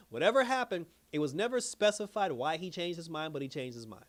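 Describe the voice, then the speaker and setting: A man's voice: on the high side, very animated, fairly quick, few pauses. A man hosting a casual TV review channel, recapping an episode in a loose, slangy way, often breaking into laughter. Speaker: TV show reviewer.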